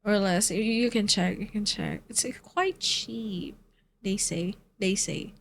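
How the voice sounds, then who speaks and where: A woman's voice: mid-range voice, unhurried, gravelly, a little hiss or hum. A woman streamer chatting casually with her viewers, swearing and laughing often as she answers chat.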